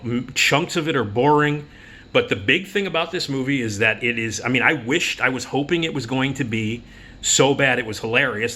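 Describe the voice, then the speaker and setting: A middle-aged man talks through a film review in a casual, unscripted way. He is blunt and profane and often restarts with "uh" and "you know." His voice is bright and forward at a middling pitch. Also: slightly rough. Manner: blunt and profane, many fillers. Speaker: film critic.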